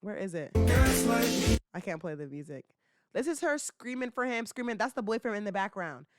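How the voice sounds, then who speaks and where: A young woman hosting a casual commentary podcast, talking in slangy, animated bursts full of rhetorical questions and teasing. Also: mid-range voice, normal speed, no echo, studio quality, faint music behind. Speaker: podcast host.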